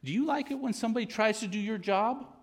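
A man voicing an older woman mentor who asks sharp, repeated questions in a high, loud voice. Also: quick pace, creaky, in a large hall. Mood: quizzing.

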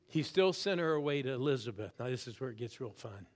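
A middle-aged man preaching a sermon, swinging from loud calls to quiet, intense asides and pushing the crowd to answer back. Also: medium pitch, expressive, fast. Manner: urges the crowd to respond. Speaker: guest preacher.

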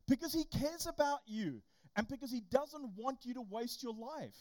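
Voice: high voice, moderate pace. A young adult preacher giving a casual, conversational sermon and acting out quotes. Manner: conversational, animated, acts out quotes. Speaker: youth camp preacher.

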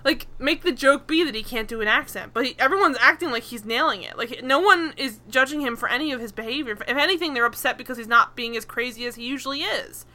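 Bright-voiced woman recapping a show. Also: high voice, fast, hardly any pauses. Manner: animated, laughing, exasperated retelling. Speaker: podcast co-host recapping a sitcom. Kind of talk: casual chat.

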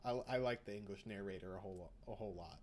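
A man's voice: fairly low pitch, very fast, darkish tone. A young man co-hosting a podcast in casual chat, rambling and laughing often. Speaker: podcast co-host.

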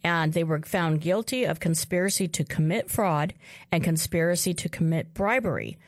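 A woman's voice: on the low side, moderate pace, no room sound, studio quality. A woman co-host in casual discussion who recounts a case and asks questions. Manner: recounts events with fillers and restarts, asks questions.

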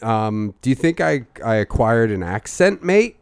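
A man co-hosting a comedy podcast, deadpan and dry, now and then breaking into shouted mock rants. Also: lowish voice, unhurried, gravelly, clear, resonant tone, dry recording.

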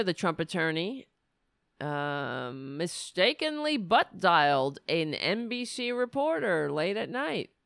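A woman's voice: lowish voice, gravelly, fairly bright tone, dry recording, studio quality. A woman hosting political commentary, reading news excerpts and mocking them with sarcastic asides. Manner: reads news excerpts, then riffs on them.

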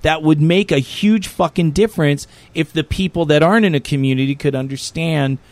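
A man's voice: fairly high pitch, brisk, no room sound. A man co-hosting a podcast, talking casually with frequent swearing and laughter. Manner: profane, animated, laughs often. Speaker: podcast co-host. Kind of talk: casual banter.

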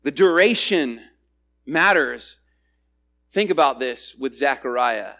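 A male pastor preaching a sermon expressively, swinging between loud emphasis and quiet asides. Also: medium pitch, animated, slow pace, creaky.

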